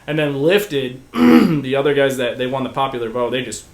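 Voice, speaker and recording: A young man casually telling a story as a podcast guest, excitable and full of restarts, swearing freely. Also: mid-range voice, moderate pace, gravelly, roomy sound.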